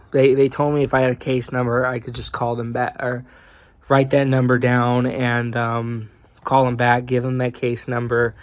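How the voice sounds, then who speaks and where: A man's voice: mid-range voice, no room sound. A young man telling an angry, rambling story in a casual vlog, heavy with swearing and fillers. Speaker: vlogger.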